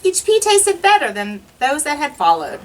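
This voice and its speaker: A woman teacher reading a rhyming children's picture book aloud in an expressive, sing-song way. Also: high voice, moderate pace, distant mic, rough recording.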